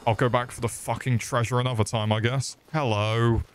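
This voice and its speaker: A man's voice: medium pitch, level tone, a little fast, slight background noise. A young Englishman streaming a game, joking crudely, swearing often and chatting back to his viewers. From England. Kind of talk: live gameplay commentary.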